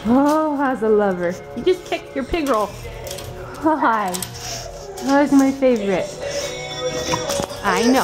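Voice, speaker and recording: Woman shelter volunteer, high and unhurried, cooing pet-talk, music running under her. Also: sing-song, rough recording. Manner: cooing baby-talk to animals. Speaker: shelter volunteer filming adoptable dogs. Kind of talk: casual vlog, talking to dogs. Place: indoor animal shelter kennels.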